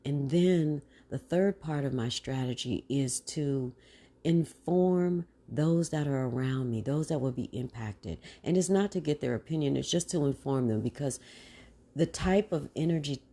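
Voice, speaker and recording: A woman podcast host and mindfulness coach, guiding listeners through a slow breathing practice in a calm, unhurried way, with a casual "y'all" now and then. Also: a bass voice. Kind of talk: guided breathing meditation.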